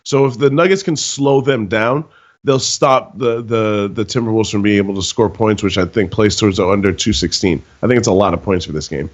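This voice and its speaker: Low-voiced man, losing his voice. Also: a little fast, highs cut off. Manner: stat-heavy, methodical. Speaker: sports betting analyst. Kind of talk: betting picks breakdown.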